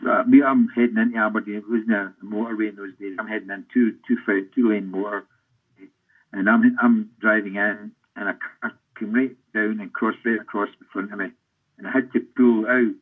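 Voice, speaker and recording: Husky Scottish old footballer on a tinny line. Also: male voice, fairly low pitch. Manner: rambling anecdotal, self-interrupting. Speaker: former footballer guest. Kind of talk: storytelling interview.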